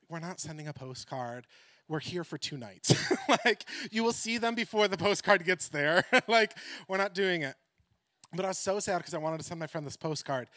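A man preaching a sermon through a personal story, animated and laughing often, swinging between excited outbursts and hushed reflection. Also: fairly high pitch, no echo.

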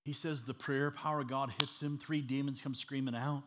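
A man preaching a sermon as an animated, humorous storyteller. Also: mid-range voice, moderate pace, noisy background.

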